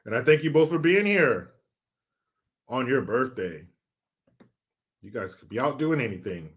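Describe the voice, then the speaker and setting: This middle-aged livestream host speaks at medium pitch, expressive and in no rush. He goes through viewer comments casually, cracking jokes and sometimes cursing.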